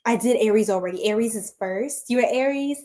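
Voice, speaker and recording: A woman's voice: fairly high pitch, a little fast, dark tone. Giggly tired woman livestreaming tarot. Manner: giggly, chatty, scattered and tired. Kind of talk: late-night livestream chat with viewers.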